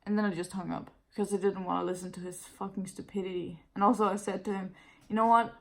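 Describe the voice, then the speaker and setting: A woman's voice: medium pitch, little pitch movement, quick pace, creaky. A woman in her twenties, a native Danish speaker, venting casually to camera, blunt and profane, tired and nauseous. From Denmark. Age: 20s. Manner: blunt and profane, quoting others in raised voices. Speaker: vlogger.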